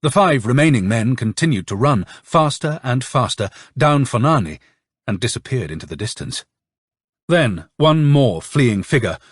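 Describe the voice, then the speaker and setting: Male narrator, husky and dry, lively expressive reading for an audiobook. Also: medium pitch, dry recording. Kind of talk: scripted narration.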